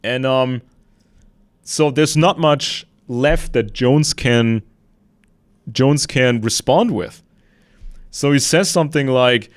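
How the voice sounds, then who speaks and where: Male podcast host, mid-pitch, conversational commentary, dry room. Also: slow pace, pauses often, no echo. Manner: conversational, retells a debate with quotes and asides. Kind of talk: casual political commentary.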